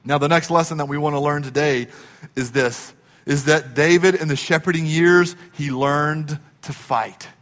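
A man preaches with a high, lifting voice, impassioned and pressing his points to near shouts. His words ring out in a big church sanctuary with a long hall reverb trailing after each phrase. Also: fairly even intonation, moderate pace. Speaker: pastor. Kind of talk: sermon.

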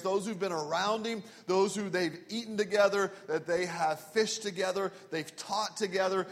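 A man preaching a sermon as pastor, telling stories and dropping to a hushed voice for quoted words. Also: fairly high pitch. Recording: long reverb of a large hall.

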